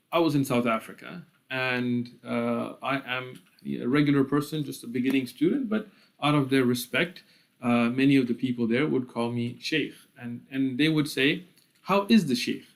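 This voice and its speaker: A man's voice: mid-range voice, normal speed, gravelly. An American man giving an explanatory religious lecture, acting out little dialogues with a laugh. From United States. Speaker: Islamic lecturer.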